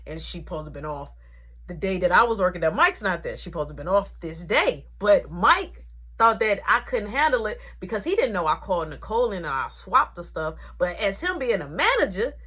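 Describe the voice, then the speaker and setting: A woman's voice: lowish voice, fairly bright tone, breathy edge. A woman telling a rambling work story in a casual, slangy way, acting out the back-and-forth of the people in it. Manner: slangy, rambling, acts out quoted dialogue.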